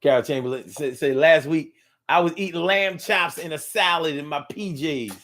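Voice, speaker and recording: A middle-aged man hosting a casual live talk show, reading viewer comments aloud in an animated, playful way that swings from low drawls to loud bursts. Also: moderate pace.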